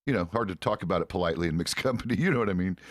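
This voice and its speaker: A man's voice: deep voice, quick pace, dry recording, studio quality. A middle-aged American man chatting casually and profanely while roleplaying in a game, chuckling often. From United States. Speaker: roleplay streamer.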